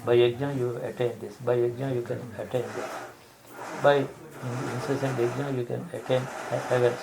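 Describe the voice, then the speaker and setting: A man giving a spiritual discourse, explaining slowly and restarting phrases to rephrase his examples. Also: medium pitch, vocal fry, low-quality recording. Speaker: spiritual teacher.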